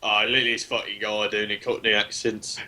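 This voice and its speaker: A man's voice: on the low side, level tone, fairly quick, sharp tone. A man making teasing, joking remarks in a casual script read-through.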